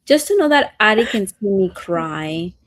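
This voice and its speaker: A woman's voice: mid-range voice, very animated, moderate pace, no room sound. A woman in her thirties co-hosting a podcast, telling earnest parenting stories in casual chat. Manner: earnest, storytelling, acts out quotes. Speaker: podcast co-host.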